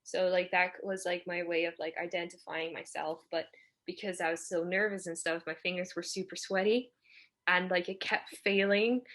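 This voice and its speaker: A woman's voice: on the low side, moderate pace. A young woman, a guest on a podcast, telling a travel story in a chatty way and filling her talk with "like". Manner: chatty, fills speech with "like"; animated when retelling dialogue. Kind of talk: casual storytelling.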